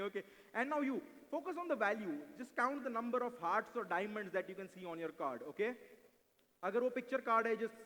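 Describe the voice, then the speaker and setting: Male mentalist, playful stage patter, rapid delivery, handheld mic in a reverberant hall. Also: high-pitched, a bit bright. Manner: brisk and playful, mixing English with Hindi, coaxing volunteers. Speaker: stage mentalist performing card tricks. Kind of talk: live stage mentalism act with audience volunteers. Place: large event hall. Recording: live hall recording with long reverb.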